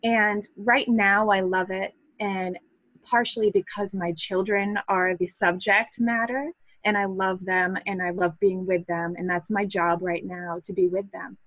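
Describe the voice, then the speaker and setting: A woman's voice: medium pitch, fairly even intonation, a little slow, a bit bright, dry recording, highs cut off. A woman in her thirties from Massachusetts, a podcast guest talking earnestly and reflectively about her photography and children, with some restarts. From Massachusetts, USA. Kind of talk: casual interview chat.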